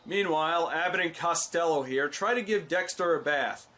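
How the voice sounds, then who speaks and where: A man's voice: a little high, moderate pace, pushed and bright. A young man hosting a video, narrating cartoon clips with dry, mocking commentary. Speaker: video host. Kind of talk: sarcastic commentary over clips.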